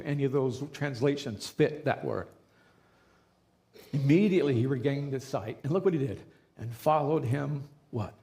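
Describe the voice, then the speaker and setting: Gravelly male pastor preaching conversationally. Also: mid-range voice, normal speed, mellow. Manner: conversational preaching, repeats key phrases for emphasis. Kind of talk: sermon.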